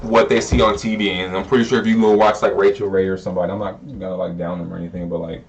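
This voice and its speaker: A man's voice: sits low, flat delivery, dull audio, slight background noise. A young man from the US South, a cook chatting casually and swearing freely as he explains his cooking. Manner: rapid, profane, laid-back. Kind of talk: casual chat while cooking. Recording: distant mic with faint room ambience.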